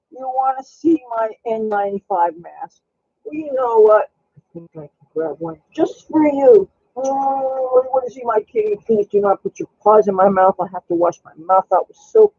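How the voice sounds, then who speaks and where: Very high-voiced man, gravelly and husky. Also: lively intonation, normal speed, no echo, highs cut off. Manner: chatty, coos baby talk at the cat. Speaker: live stream host. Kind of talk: casual live-stream chat while baking. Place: home kitchen.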